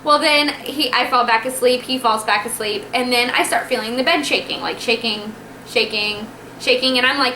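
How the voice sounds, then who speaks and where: High bright chatty woman in an echoey room. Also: normal speed, a little hiss or hum. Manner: chatty, animated, acts out dialogue. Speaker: vlogger telling her birth story. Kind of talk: casual storytelling to camera. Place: at home. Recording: echoey room, faint ambience.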